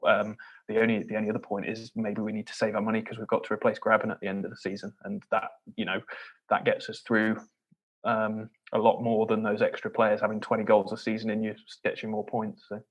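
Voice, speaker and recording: Husky, thoughtful man. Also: fairly low pitch, level tone, rough recording. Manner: thoughtful, measured, with hedging fillers. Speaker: podcast co-host. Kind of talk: casual football chat.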